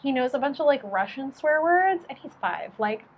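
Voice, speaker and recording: A woman with a high-pitched voice speaks at normal speed, though the recording's highs are cut off. She teaches young children and co-hosts the show, chatting casually and reading books aloud. She tells stories animatedly, acting out the voices and laughing often.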